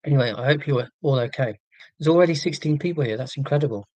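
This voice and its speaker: A Scottish man talks casually on his own live stream from home, wandering from thought to thought and poking fun at himself. His voice sits at an ordinary middle pitch. The sound is close and dry, with no room echo. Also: fast talker, darkish tone, muffled recording. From Scotland. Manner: rambling, self-deprecating, reads out viewer comments.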